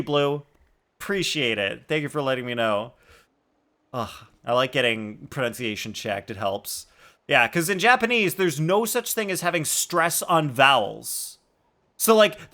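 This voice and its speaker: A man's voice: fairly high pitch, bright, forceful tone. A man live-streaming a video game, chatting casually and animatedly with his chat and laughing often.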